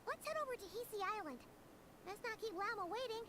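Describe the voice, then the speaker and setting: A woman's voice: very high-pitched, animated, quick pace, noisy background. A woman voicing a tiny, bubbly, teasing fairy-like companion in a video game. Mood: chirpy.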